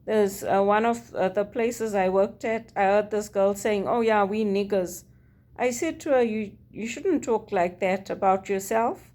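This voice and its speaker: A woman's voice: medium pitch, unhurried, hardly any pauses, darkish tone. A woman from Zimbabwe, speaking in a personal monologue, earnest and weary as she recounts her experiences and quotes others. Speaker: vlogger.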